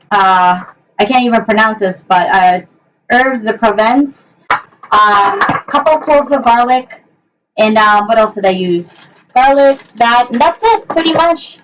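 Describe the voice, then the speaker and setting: A young woman with a fairly high voice hosts a casual live cooking stream from her home kitchen. She rambles chattily, with plenty of ums and trailing pauses, talking to her viewers and her dogs. Her voice sits a little back from the microphone. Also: slight background noise. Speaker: cooking livestream host. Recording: voice a bit far from the mic.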